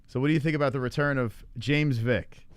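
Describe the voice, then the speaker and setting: A man hosts a casual live stream, chatting loosely and swearing freely between fillers. His voice is smooth and clear at a middling pitch. The close mic sounds dry, with no room around it. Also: fairly even intonation, a little fast, dry recording. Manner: loose, profane, rambling with frequent fillers. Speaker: livestream MMA show host. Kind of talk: casual live-stream chat reading viewer comments. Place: home in Arizona.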